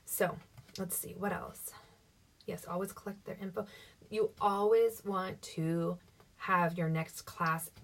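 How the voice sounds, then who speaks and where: Brief: low, breathy woman, chatty team-leader coach, mic set back a bit. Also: steady tone, slow pace. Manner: chatty, upbeat, acts out sample dialogue. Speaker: direct-sales team leader coaching her team. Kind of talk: casual instructional talk. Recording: voice somewhat distant from the mic.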